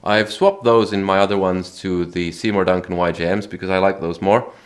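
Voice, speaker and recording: Low-voiced guitarist chatting about gear. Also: male voice, a little fast. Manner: relaxed, chatty, self-correcting. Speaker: guitarist and channel host. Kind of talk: casual gear talk to camera.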